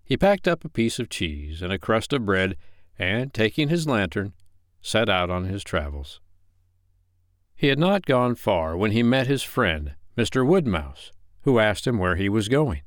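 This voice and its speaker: A man's voice: on the low side, measured pace, no echo, clean studio sound. Man narrating a bedtime story. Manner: gentle, expressive reading. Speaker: storyteller podcast host.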